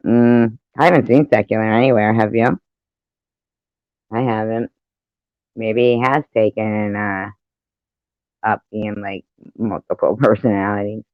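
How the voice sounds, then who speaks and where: Slow-talking man with a dull lo-fi sound. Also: on the low side, steady tone, no room sound. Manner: swears freely and laughs often. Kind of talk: casual chat in an online voice room.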